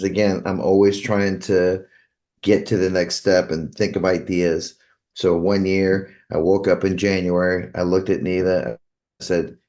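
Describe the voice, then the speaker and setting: Deep-voiced man telling a long story. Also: warm tone. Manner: acts out quoted dialogue in a long anecdote. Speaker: guitarist's manager. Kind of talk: storytelling in a casual interview.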